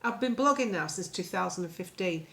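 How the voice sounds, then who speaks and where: A woman's voice: lowish voice, animated, fairly quick, gravelly, fairly bright tone. Sarcastic rambling older woman blogger. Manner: sarcastic, rambling, full of ums. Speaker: political blogger. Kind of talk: casual spoken monologue.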